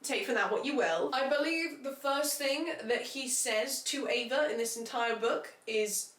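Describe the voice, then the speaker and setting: A woman's voice: high voice, measured pace. Sarcastic woman recapping a book. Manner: sarcastic, animated storytelling with asides. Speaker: book reviewer. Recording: echoey room.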